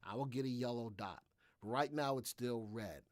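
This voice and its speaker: A man's voice: mid-range voice, normal speed, dry recording, clean studio sound. A man hosting a live trading room, talking energetically and repetitively through his trades while answering viewers' questions.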